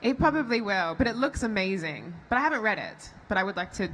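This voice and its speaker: A woman's voice: mid-range voice, lively intonation, quick pace, slight background noise. An Australian woman in her twenties answers fan questions on a convention panel in a chatty, easygoing way. Faint hall ambience is heard behind her. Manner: warm, chatty, many fillers. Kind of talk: casual panel Q&A.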